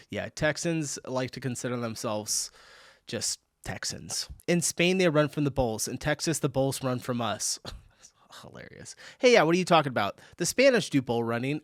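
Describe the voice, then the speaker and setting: A man's voice: mid-range voice, no room sound, clean studio sound. A man from California hosting a reaction video, chatting casually, laughing and reading viewer comments aloud. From California, USA.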